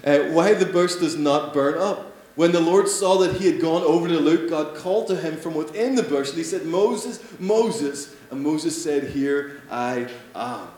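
A man preaching a sermon, animated, swinging between loud emphatic lines and soft hushed ones. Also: a little high, normal speed. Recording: echoey room with faint hum.

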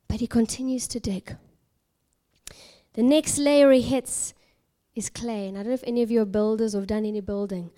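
High-voiced woman telling a dramatic sermon story. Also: a little fast. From South Africa. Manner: expressive, dramatic storytelling with hushed whispered moments. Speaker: preacher.

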